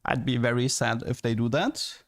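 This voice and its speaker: A man's voice: mid-range voice, normal speed. A young man streaming and chatting casually, rambling and stammering, often repeating words and laughing.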